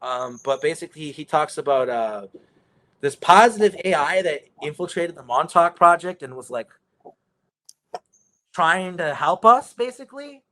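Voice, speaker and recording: A man's voice: a little high, sing-song, moderate pace, sharp tone. A man telling a rambling story in casual conversation, swearing often and restarting his sentences. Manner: rambling, profane, many restarts.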